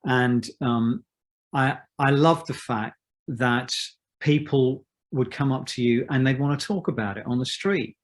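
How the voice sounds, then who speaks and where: A man in his fifties, a musician being interviewed, who talks in a thoughtful, measured way with many restarts. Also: mid-range voice. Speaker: musician guest. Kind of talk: reflective interview talk.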